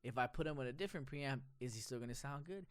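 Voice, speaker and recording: Smooth-voiced man chatting about studio work. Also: mid-range voice, fast talker, dry recording. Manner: animated, filler-heavy, says "dude" and "like" a lot. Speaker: recording studio engineer. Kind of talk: casual podcast chat.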